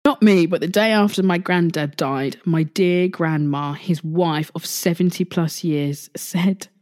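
A woman's voice: fairly low pitch, measured pace, darkish tone. A young woman hosting a casual solo podcast, talking in a chatty way, repeating herself and swearing freely. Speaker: podcast host.

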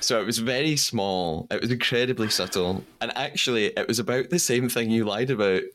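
A man's voice: mid-range voice, a bit bright, a little hiss or hum. A man hosting a podcast, chatting playfully with a guest. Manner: chatty, playful, quick to laugh. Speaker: podcast host. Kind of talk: casual interview chat.

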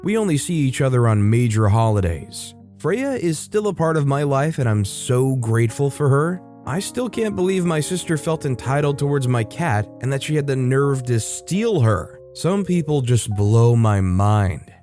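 A man narrates a story with a mellow, warm tone and plenty of emphatic punch. His delivery turns wry at the asides. Soft music plays faintly underneath. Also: medium pitch, big pitch swings, moderate pace, hardly any pauses. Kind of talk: reading stories aloud.

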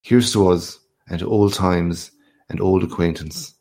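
A man reading aloud and voicing a boastful, hearty male journalist home from abroad, low and gravelly, with a swaggering, lively manner. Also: a little slow, heavily acted. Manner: boisterous, swaggering, lively questions.

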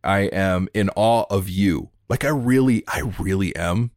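Earnest, heartfelt man with a low voice. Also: a little mellow, no room sound, clean studio sound. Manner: earnest and heartfelt, talks in quick bursts. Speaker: podcast host. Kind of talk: emotional interview conversation.

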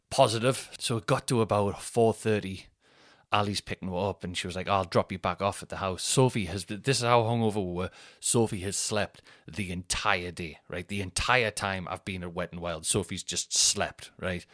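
A man in his thirties tells a comic story, rambling and poking fun at himself. His voice sits fairly low. The sound is close and dry, with no room around it. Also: fairly bright tone, no echo. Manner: rambling, self-mocking, chatty. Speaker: podcast host.

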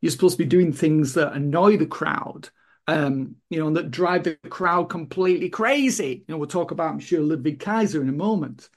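Rambling higher-voiced male podcast co-host. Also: normal speed. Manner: rambling, many "you know" fillers and restarts. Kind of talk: casual wrestling chat.

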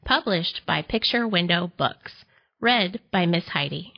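A slow, expressive woman reading a storybook. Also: fairly low pitch, gravelly. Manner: gentle, expressive and unhurried. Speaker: library storytime reader. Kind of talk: children's picture book reading. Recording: slightly dull audio.

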